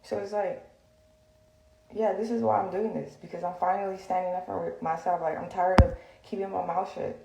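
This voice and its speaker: Woman going off on live, low-ish voice, echoey room on a phone. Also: fairly even intonation, moderate pace, creaky, noisy background. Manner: heated, confrontational, lots of fillers. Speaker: livestreamer. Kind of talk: venting on a livestream.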